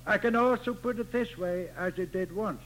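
A man preaching a sermon slowly and deliberately, stressing key words through repetition. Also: sits high, a bit bright, a little hiss or hum, poor audio. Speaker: pastor.

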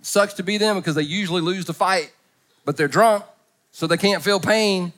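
A middle-aged male pastor giving a humorous sermon at a church service, storytelling with comic impressions and swinging from soft to loud. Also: high voice, moderate pace.

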